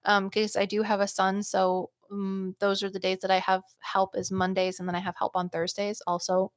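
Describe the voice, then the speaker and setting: A woman's voice: mid-range voice, no room sound. A woman hosting a casual livestream as a psychic medium, chatting loosely with lots of "like" and "um" and reading out viewer comments. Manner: chatty and loose, heavy use of "like" and "um", quick laughs.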